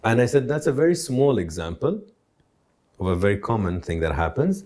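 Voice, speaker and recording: A man in his forties hosting an interview, telling a story with animated, quick delivery. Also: mid-range voice. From Arab world. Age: 40s. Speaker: interview host. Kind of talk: conversational interview.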